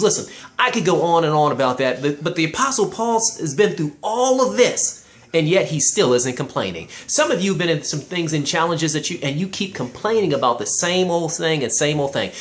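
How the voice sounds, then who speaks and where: A man's voice: on the high side, animated, fairly quick. A man giving an inspirational, sermon-style talk, emphatic and preacherly, addressing listeners directly and quoting scripture. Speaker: motivational speaker.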